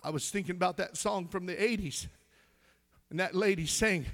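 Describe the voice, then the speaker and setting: A middle-aged preacher with a notably high voice delivers his sermon with fervor. He sings lines of a song, laughs along with his congregation and calls back to them. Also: normal speed. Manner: loud, preachy call-and-response with singing and laughter. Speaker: pastor.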